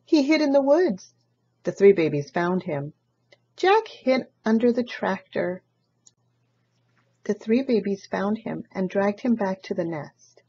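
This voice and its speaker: Slow, expressive woman reading a storybook. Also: medium pitch, slightly rough, dull audio. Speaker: storybook reader. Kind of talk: children's story read-aloud.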